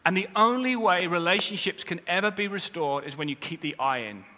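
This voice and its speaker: Animated and a little fast, a high-pitched male pastor speaks straight to his congregation, tossing in humorous asides. His sermon surges to loud, emphatic heights amid the long reverb of a large hall.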